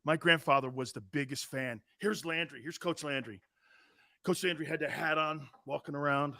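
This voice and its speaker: A man hosting a sports talk show, telling stories in a loose, animated way and slipping into squeaky impressions. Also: normal speed, no echo, clean studio sound. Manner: animated storyteller, does squeaky impressions and shouts. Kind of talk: casual sports radio talk.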